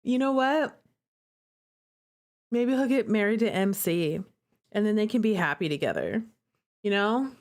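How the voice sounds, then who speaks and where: A woman's voice: medium pitch, sing-song, normal speed, a little mellow. A woman streamer reading a visual novel aloud and reacting in a chatty, emotional way. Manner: emotional, chatty, indignant on the character's behalf. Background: faint guitar music.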